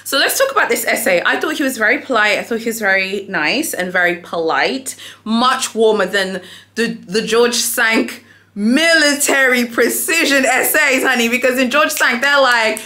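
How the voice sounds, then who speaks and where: A young adult woman telling a shopping story in a casual vlog, chatty and animated, calling viewers "honey", recorded in a hotel room without an external mic. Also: on the high side, moderate pace. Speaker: luxury shopping vlogger.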